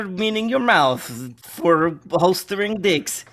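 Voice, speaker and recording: A man playing a tabletop game, chatting in a jokey, animated way. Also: high voice, takes it slowly. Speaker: player. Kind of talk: casual chat.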